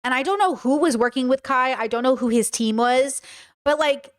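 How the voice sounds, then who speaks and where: A woman's voice: sits high, moderate pace. A woman with a Valley girl accent hosting a livestream monologue, reading chat aloud and often tagging her sentences with "okay?" and "you know?". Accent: California Valley girl. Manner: talkative, frequent "okay?" and "you know?" tags; mimics other people's voices and mannerisms. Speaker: streamer and podcast host.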